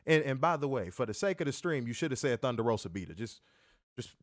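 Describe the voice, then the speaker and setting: A man's voice: mid-range voice, sing-song, fast, dry recording, clean studio sound. A man hosting an interview, hyping his guest up in a playful, repetitive patter. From not from the South, city raised. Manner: playful hype-man patter, repeats himself. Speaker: interview host. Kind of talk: hyped casual interview.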